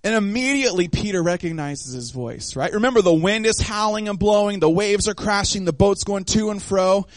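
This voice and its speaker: A man preaching a sermon in an animated way, acting out the voices of the people in the story. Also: high voice, brisk, few pauses, no room sound. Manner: animated, acts out voices of the disciples and of God.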